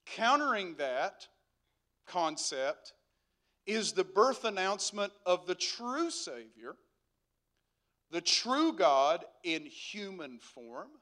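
A man's voice: high-pitched, very animated, slow pace, bright, forceful tone. A man preaching a sermon as pastor, emphatic, asking rhetorical questions and repeating phrases for effect.

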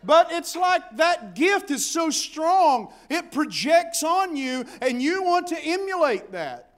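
High-voiced folksy preacher. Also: male voice, slow. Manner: folksy, animated preaching with shouted peaks. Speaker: pastor. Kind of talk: sermon.

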